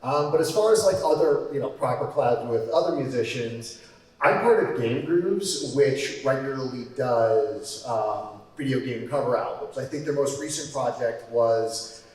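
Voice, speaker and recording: A man's voice: medium pitch, expressive, normal speed, darkish tone. A man on a panel speaks hesitantly, leaning on many fillers. His voice reaches the mic from a distance and is washed in heavy echo, with the long reverb of a large hall. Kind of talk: convention panel talk. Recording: very echoey hall from far off.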